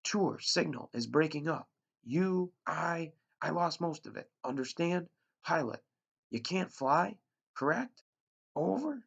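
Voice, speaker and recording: A steady grown man on the radio net, giving short, clipped instructions in a raised voice, as a man reads him aloud. His voice has a gravelly, husky grain, and the recording is dull and lo-fi. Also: a little high, slow pace, voice pushed up, full character voice. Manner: clipped radio procedure talk. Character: calm adult male radio operator.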